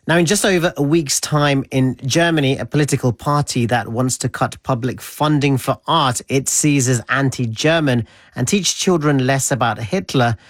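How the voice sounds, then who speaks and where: A man presenting the news in a measured, formal way. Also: mid-range voice, no room sound. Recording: dry studio sound.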